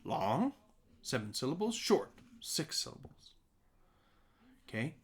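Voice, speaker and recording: A male music teacher gives a recorded songwriting lesson, his pitch leaping up and down as he explains, animated and chanting simple rhymes as examples. He checks in often with "okay?" and "right?". His voice sits slightly above the usual male range, with a slow pace and a breathy edge.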